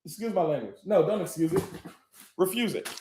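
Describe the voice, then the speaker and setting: A man's voice: high voice, expressive, fairly quick, echoey room, a little hiss or hum. A man hosting a live online session, talking bluntly and boastfully, swearing often. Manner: profane, boastful, blunt, with bursts of laughing and shouting. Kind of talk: brash motivational talk.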